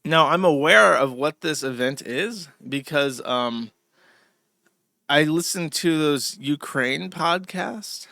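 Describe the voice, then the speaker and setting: A man's voice: fairly high pitch, slow, vocal fry, sharp tone, dry recording, studio quality. A man in his thirties hosting a show in a casual, rambling livestream monologue, swearing freely as he talks to his chat. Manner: rambling, profane, conversational. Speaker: host.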